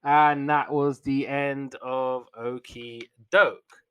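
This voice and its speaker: A man's voice: mid-range voice, fairly even intonation, drawn-out words, a bit bright, clear, resonant tone, no room sound. A young man hosting a podcast, casually retelling old cartoon episodes in a rambling way with fillers and restarts.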